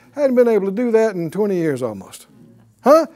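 Here the voice is mellow and medium in pitch, very animated, at a normal speed. It belongs to a Bible teacher delivering a broadcast lesson in a chatty style, posing frequent rhetorical questions to listeners and chuckling while recounting the story.

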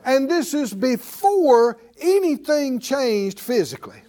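High-voiced lively man preaching a sermon. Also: slow. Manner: conversational preaching, calls out to congregation.

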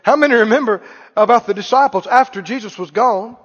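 A man's voice: extremely high pitch, fairly quick, big-room sound, highs cut off. A man preaching a sermon in a church, emphatic and calling out questions for the congregation to answer.

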